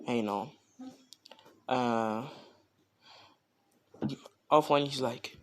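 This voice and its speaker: A young man improvising a fan story in a loose, rambling way, full of casual fillers. He talks slowly, and his voice sits at a mid pitch. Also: a bit bright. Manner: rambling, heavy on "you know" fillers.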